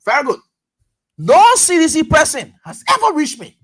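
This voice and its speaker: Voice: high-pitched, huge pitch swings, moderate pace, a bit bright. A radio talk host, giving political commentary in an emphatic way, full of repetition and rhetorical questions.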